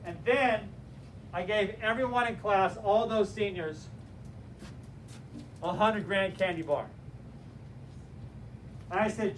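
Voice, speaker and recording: A man teaching a class, telling a story in an animated, direct and motivational way. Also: high voice, takes it slowly, pauses often. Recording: distant mic with faint room noise.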